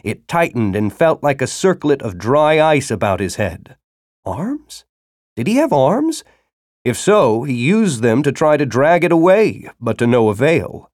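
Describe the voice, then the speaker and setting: A man narrating a story in a dramatic reading style, breaking into urgent, shouted dialogue. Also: medium pitch, sing-song, a little slow, dry recording, studio quality. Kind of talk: audiobook narration.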